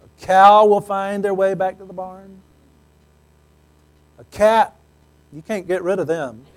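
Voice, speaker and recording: A man's voice: high-pitched, fairly even intonation, slow pace. A man, a pastor, preaching a sermon in a conversational way with joking asides.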